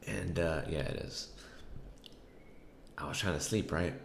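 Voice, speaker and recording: Deep and gravelly, the man's voice unspools a casual story at a measured pace on his podcast. It's a rambling, profane telling packed with fillers, captured in an echoey room with a little background noise.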